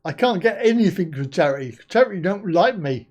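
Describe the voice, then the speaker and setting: A man's voice: high-pitched, lively intonation, fairly quick, darkish tone, slight background noise. An older man hosting a live stream, chatting casually, reading out viewer comments, swearing lightly and laughing often.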